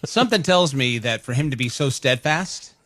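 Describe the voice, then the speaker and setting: A man co-hosting a morning radio show, teasing the host with quick wisecracks in casual banter. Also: mid-range voice, expressive, a bit bright, no echo, clean studio sound. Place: radio studio.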